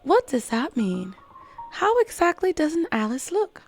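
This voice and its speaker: A woman's voice: high-pitched, big pitch swings, a little slow, faint music behind, full character voice. A woman voicing a polite, bewildered young girl named Alice in a game, speaking in a prim, apologetic way. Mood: confused.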